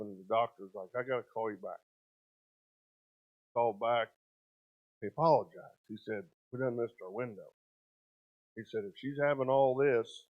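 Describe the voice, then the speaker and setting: A father telling his family's story as a church testimony, plain-spoken and halting. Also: medium pitch. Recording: tinny phone-like audio.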